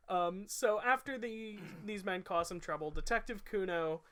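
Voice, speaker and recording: A man's voice: high-pitched, takes it slowly, a bit bright, a little hiss or hum. A young man co-hosting a podcast, easygoing and laughing often, summing up his notes with many fillers and restarts. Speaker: podcast co-host. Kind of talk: casual chat.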